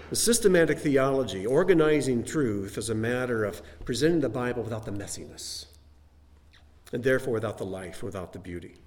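A male Bible teacher talks through a lesson in a relaxed, folksy way, often stopping to address his listeners directly. His voice is mid-pitched and conversational. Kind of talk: casual teaching sermon.

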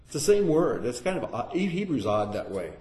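A man's voice: medium pitch, fairly quick. A man teaching a Bible lesson to a live audience in sermon style, putting questions to the listeners. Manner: animated, asks the audience questions. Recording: echoey room.

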